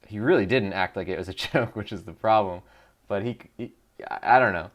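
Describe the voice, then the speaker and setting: Male streamer, casual game commentary, chatty and musing, lowish voice. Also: a little fast. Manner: chatty, laughing, musing aloud. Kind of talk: gameplay commentary.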